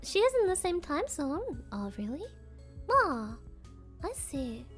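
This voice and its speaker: Shy, giggly woman streamer with a high voice, reading chat at an unhurried pace over faint music. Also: sing-song. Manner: shy and giggly, with frequent soft laughs and hums. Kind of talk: casual live-stream chat, reading out viewer comments.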